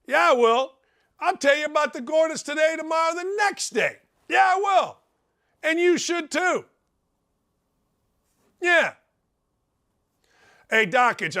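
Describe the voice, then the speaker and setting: A middle-aged man hosting a sports talk show, giving a brash, folksy, animated monologue and ribbing his listeners. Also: extremely high pitch. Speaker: sports radio host.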